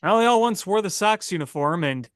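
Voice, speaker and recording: A sports podcast co-host in casual chat, telling stories in an animated, incredulous way. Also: medium pitch, fairly quick, dry recording, studio quality.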